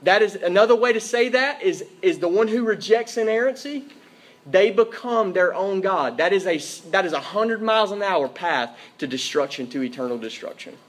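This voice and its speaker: A man's voice: high-pitched, expressive, normal speed. A man preaching a sermon to a church congregation, emphatic and repetitive, often checking in with his listeners. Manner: emphatic, repeats key phrases, checks in with "Okay?". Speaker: pastor. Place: church service.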